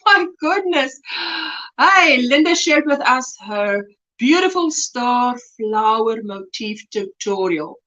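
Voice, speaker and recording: Effusive high-pitched woman. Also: animated, slow, a bit bright. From South Africa. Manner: effusive, reads chat aloud with exclamations and laughs. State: recovering from throat swelling. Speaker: livestream host. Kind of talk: casual chat reading viewer comments. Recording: dull lo-fi livestream audio.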